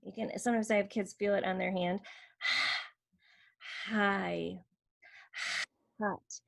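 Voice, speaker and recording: A woman's voice: medium pitch, steady tone, fast, vocal fry. A woman explaining and demonstrating letter sounds for teaching children, modelling each sound. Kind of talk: instructional explanation.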